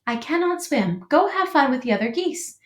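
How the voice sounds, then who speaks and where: A woman voicing a calm, gentle female robot in a storybook reading. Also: sits high, moderate pace, reverberant, pitched above the performer's own voice.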